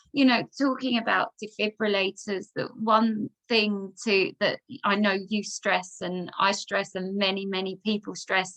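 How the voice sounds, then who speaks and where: A woman speaks earnestly in conversation at a medium pitch, pressing home her point with emphasis. She leans on small fillers as she goes. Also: fairly bright tone, poor audio. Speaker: foundation founder.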